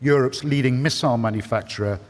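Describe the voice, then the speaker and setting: A man's voice: medium pitch, fast talker. A man moderating a conference panel, talking hesitantly with many ums and restarts. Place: large conference hall. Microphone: handheld microphone. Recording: long hall reverb.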